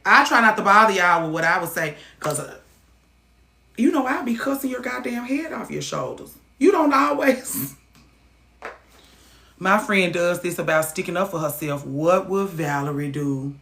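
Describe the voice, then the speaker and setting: A woman hosting a talk show, giving animated, profane advice that swings from loud outbursts to low muttering. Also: unhurried, gravelly. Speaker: host. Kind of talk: lively advice talk to a caller. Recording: echoey room.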